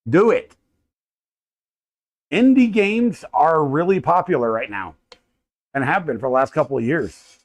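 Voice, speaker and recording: A man's voice: fairly high pitch, lively intonation, measured pace, pauses often. An American man in his thirties hosting a casual livestream from his home workshop, rambling and greeting viewers by name with frequent stumbles and restarts. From United States. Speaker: livestream host. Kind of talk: casual live chat with viewers.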